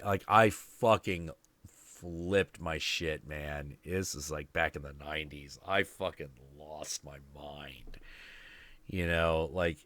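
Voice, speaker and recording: A man in his twenties with a low, deep voice that still has a bright, forceful edge. He rants through a story with casual profanity, recorded dry and close. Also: slow, no room sound. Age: 20s. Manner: profane, ranting, confrontational. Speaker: podcast host.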